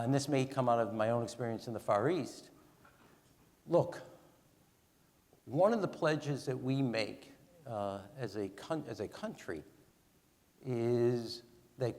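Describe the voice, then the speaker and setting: A man in his sixties, a former ambassador, speaking onstage in an animated, emphatic way and counting off his points. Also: mid-range voice. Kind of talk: onstage conversation. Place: large event hall. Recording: long hall reverb.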